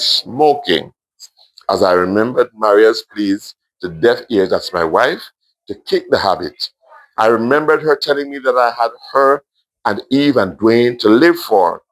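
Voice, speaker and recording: A Jamaican man gently reading his own emotional story aloud to a primary school class, adding asides. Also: mid-range voice, measured pace.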